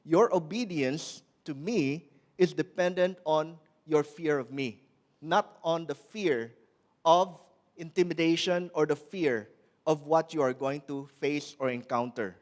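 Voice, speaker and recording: Earnest male preacher, slightly raised pitch, slows for scripture and sometimes restarts words. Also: a little mellow. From Malaysia. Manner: earnest preaching, slowing and pressing on scripture quotes. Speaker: pastor. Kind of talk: sermon.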